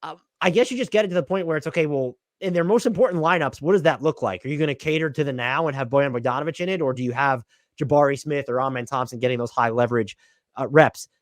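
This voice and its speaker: A man's voice: fairly high pitch, fast talker, no echo, studio quality. A young man co-hosting a casual podcast, giving strong opinions and thinking aloud. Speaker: podcast co-host. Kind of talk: casual basketball podcast chat.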